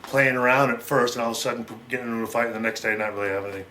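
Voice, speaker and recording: Middle-aged American man, interview guest, rapid rambling storyteller, faint noise bed. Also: medium pitch, steady tone, sharp tone. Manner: rapid, rambling, acts out quoted lines.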